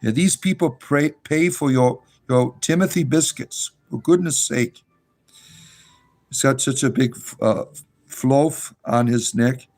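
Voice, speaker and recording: A man's voice: medium pitch, takes it slowly, a little mellow. Man cooing at his pet rabbits. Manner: coos and talks to his pets in a playful, rising baby-talk voice. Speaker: live streamer. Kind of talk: casual live stream chat.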